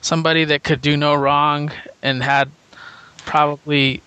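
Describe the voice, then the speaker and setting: Higher-pitched male co-host, bright and crisp, relaxed casual chat. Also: unhurried, dry recording. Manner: relaxed, repeats words when starting. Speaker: comic book podcast co-host. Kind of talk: casual discussion.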